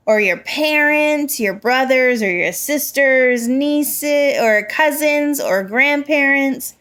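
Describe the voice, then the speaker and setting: A woman with a slightly high voice teaches young children. She talks slowly and clearly, giving one simple example after another, encouraging the kids as she goes. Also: a bit bright.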